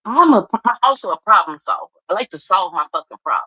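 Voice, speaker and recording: A woman's voice: mid-range voice, very animated, fast, bright, forceful tone, slightly rough, dry recording. A tearful woman pours out blunt, heartfelt, profane talk on a livestream. Her voice comes through a dull, muffled call line. The sound is dry, with no room around it. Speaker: guest. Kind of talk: casual livestream chat. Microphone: video call.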